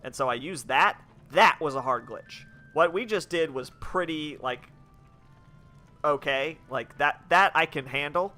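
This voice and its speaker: A man's voice: on the high side, a little slow, sharp tone, faint music behind. A young man chatting casually as he plays a game, rambling with lots of restarts. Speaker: game streamer. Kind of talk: casual let's-play commentary.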